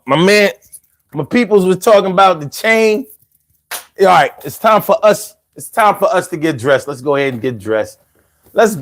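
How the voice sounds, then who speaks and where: A middle-aged man hosting a casual live stream, reading viewer comments aloud and answering in a profane, rambling way with stammered restarts. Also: on the high side.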